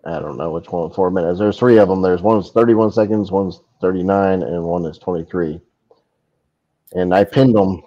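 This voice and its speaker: A man chatting casually as a panelist on an online show, rambling and excited. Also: sits low, moderate pace, dull audio.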